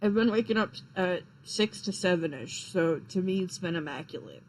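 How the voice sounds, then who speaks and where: A man's voice: high-pitched, expressive, moderate pace, poor audio. A young man chatting casually on a live stream, rambling and swearing, with lots of fillers and restarts, sounding tired. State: tired, yawning.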